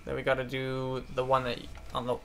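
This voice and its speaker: A man's voice: mid-range voice, monotone, brisk, fairly bright tone, slight background noise. A man co-hosting a casual let's-play, teasing his friend and giving game tips. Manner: teasing, dry needling. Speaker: co-host.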